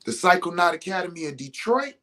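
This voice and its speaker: This man, a healer and host, chats animatedly in a house, swearing liberally and performing other people's lines as he tells his stories. He has a high voice and talks a little fast.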